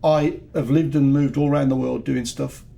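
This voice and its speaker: A man's voice: mid-range voice, steady tone, moderate pace, creaky, mellow. An older man with a Birmingham accent, a podcast guest telling candid, jokey stories from a long career in music and PR. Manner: chatty, jokey, repeats words as he goes. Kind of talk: candid anecdotal storytelling.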